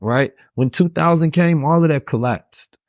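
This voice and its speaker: A man hosts a casual conversation, musing in long, fast stretches and often checking in with "right?". His voice is a little high with a darkish tone. The studio sound is clean, with no room sound.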